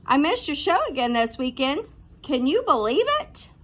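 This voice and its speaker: A woman's voice: sits high, sing-song, moderate pace, a bit bright. A woman reading an audiobook, voicing an exasperated female schoolteacher.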